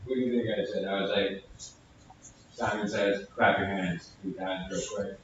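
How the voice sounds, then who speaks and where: A Canadian comedian guest with a low voice tells a comedy story at a moderate pace, loose and animated, swearing freely and acting out what the people in it said. Recorded at a live comedy venue, the sound is echoey, distant, dull, and lo-fi, with a noisy background.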